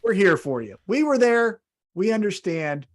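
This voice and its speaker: A man co-hosts a casual podcast and retells the night's events with plenty of animation. His voice sits a little high and rises and falls widely as he tells the story, catching and fixing his own slips along the way. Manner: animated storytelling, quick asides and self-corrections. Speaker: podcast co-host. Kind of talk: casual chat recapping wrestling shows.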